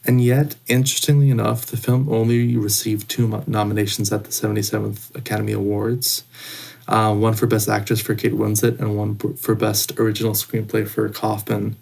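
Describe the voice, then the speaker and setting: Host: man, low and heavily gravelly, monotone, measured and factual. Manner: measured, reading off film facts with small restarts. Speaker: podcast host. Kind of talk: casual podcast discussion.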